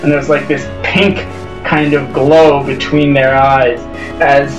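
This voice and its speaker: A man narrating as game master, rambling and excitable with lots of fillers and yelped sound effects. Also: mid-range voice, slow. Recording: roomy echo from a distance, music behind.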